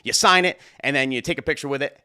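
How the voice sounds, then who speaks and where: Casting: young male wedding DJ, mid-pitched, dry close sound, loose excitable storyteller who swears and rambles. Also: fast talker, clear, resonant tone, no room sound. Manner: rambling, profane, filler-heavy, excitable. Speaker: wedding DJ and show host. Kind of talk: casual storytelling.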